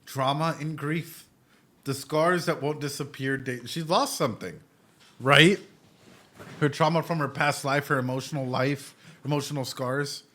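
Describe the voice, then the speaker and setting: A man giving casual stream reaction commentary as a psychologist, excitable and emotional, swearing often and thinking aloud with restarts. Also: fairly high pitch, unhurried.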